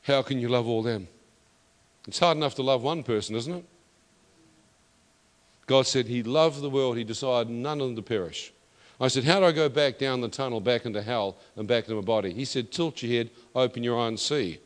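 New preacher in an echoing hall. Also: male voice, medium pitch, a little fast. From New Zealand. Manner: emphatic, builds to loud declarations. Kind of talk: testimony sermon. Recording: long reverb of a hall.

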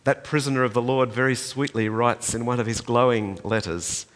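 An older man preaching a sermon, swinging between loud emphatic peaks and soft, hushed passages. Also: mid-range voice, moderate pace, hardly any pauses. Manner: impassioned, rising to loud emphatic peaks then dropping soft. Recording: reverberant hall.

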